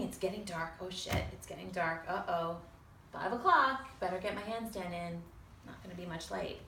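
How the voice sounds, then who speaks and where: A woman telling a lively personal story to a small audience, acting out other people's voices and swearing casually. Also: medium pitch. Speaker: storyteller on a talk show. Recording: roomy sound from a distance with faint noise.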